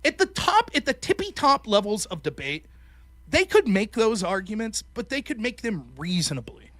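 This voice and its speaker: A man hosting a call-in show, telling stories in animated, profane casual chat. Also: high voice, moderate pace, no echo. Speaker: podcast host.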